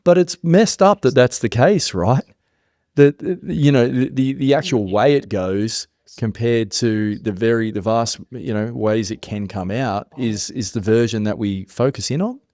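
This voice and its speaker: A man's voice: medium pitch, unhurried, darkish tone, no room sound, clean studio sound. A man hosting a podcast, thinking aloud hesitantly with plenty of fillers. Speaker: podcast host. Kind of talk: casual podcast conversation.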